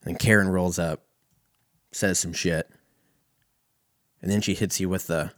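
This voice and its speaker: A young man from California telling a profane, animated stand-up story. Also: sits low, moderate pace, pauses often, no echo, clean studio sound. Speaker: comedian.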